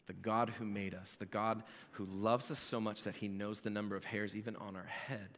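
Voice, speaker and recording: A pastor preaching a sermon, with lively delivery that rises to shouting when he jokes. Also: fairly low pitch. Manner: animated, builds to shouting in jokes. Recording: long hall reverb.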